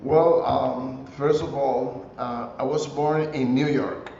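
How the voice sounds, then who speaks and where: An older man as an interview guest, telling stories in an easygoing way with frequent pauses and filler sounds. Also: medium pitch, creaky, roomy sound, lo-fi sound, a little hiss or hum. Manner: relaxed storytelling with frequent hesitations. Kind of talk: conversational interview.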